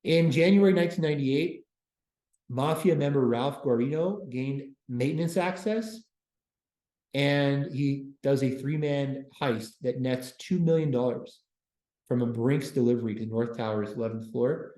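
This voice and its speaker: A man giving a casual classroom history lecture as a university lecturer, breaking it up with deadpan joking asides. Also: medium pitch, measured pace. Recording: roomy classroom echo.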